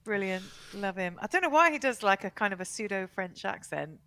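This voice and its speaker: A woman's voice: medium pitch, animated, brisk, pushed and bright. A woman co-hosting a live review show, reading out viewer comments in casual chat and laughing often. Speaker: podcast co-host reading chat.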